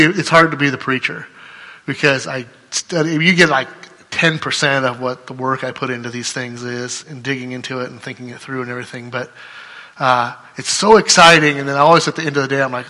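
A man's voice: medium pitch, sharp tone. A man preaching a sermon as pastor, speaking conversationally and often checking in with "right?". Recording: long hall reverb.

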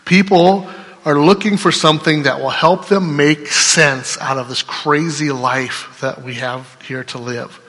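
A middle-aged male pastor preaches in a chatty, down-to-earth way, firing off rhetorical questions and checking in with "right?". His tone is bright and forceful, and he sometimes breaks into lively storytelling. His voice rings out with a long reverb, as in a large church hall. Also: fairly high pitch, measured pace. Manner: bursts into excited storytelling. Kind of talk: conversational sermon.

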